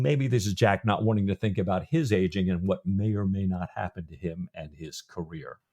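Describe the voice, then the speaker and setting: Speaking low and a little fast with hardly any pauses, a male podcast co-host chats casually while recounting a chapter of a novel. His storytelling is animated, and he performs the quoted lines.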